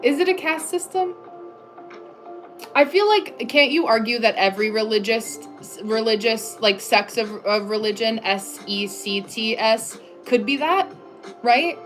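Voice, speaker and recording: A woman speaks at a measured pace in a slightly high voice, soft music playing in the background. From her home desk in the US, she hosts a casual livestream, chatting loosely with viewers, full of "like" fillers and frequent laughter.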